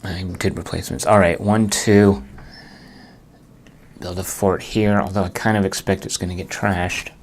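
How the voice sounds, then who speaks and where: A man with a fairly low voice narrates his own solo board game turn by turn. He thinks aloud in a muttering, half-to-himself way and groans when the dice go against him. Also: flat delivery, moderate pace, slight background noise.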